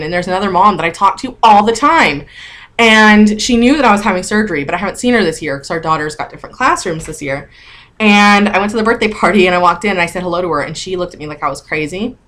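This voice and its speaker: A woman in her thirties talks straight into her camera in a relaxed vlog. She is candid and chatty, with an open, emotional way of speaking. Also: on the low side. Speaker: vlogger. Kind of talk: casual vlog update.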